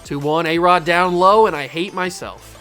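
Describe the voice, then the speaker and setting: A man casually calling his own baseball video game play by play. He gets excitable, pleads with the game out loud and breaks into sudden yells. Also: high-pitched, normal speed, faint music behind. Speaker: gaming channel host.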